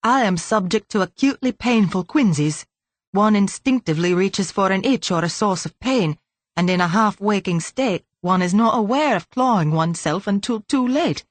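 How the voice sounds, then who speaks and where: A woman's voice: mid-range voice, lively intonation, normal speed, dry recording, close to an everyday voice. A woman voicing a prim, nervous male lawyer who gabbles in an audiobook. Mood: flustered.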